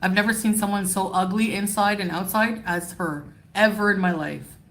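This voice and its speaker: A woman with a mid-range voice mocks someone with open scorn. She talks in the flat, cutting way of livestream commentary. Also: medium pitch, moderate pace. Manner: mocking, scornful.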